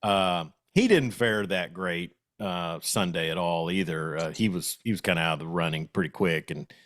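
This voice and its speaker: A man's voice: sits low, normal speed, a bit bright, no echo, clean studio sound. A man co-hosting a casual sports show stream, rambling and correcting himself as he goes. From Western Oklahoma. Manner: rambling, self-correcting, chuckling.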